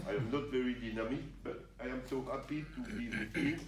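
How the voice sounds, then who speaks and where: An older man from France with a French accent, giving an animated, jokey talk to referees in broken English. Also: medium pitch, fairly quick, background noise. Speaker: guest speaker. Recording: roomy sound from a distance, faint ambience.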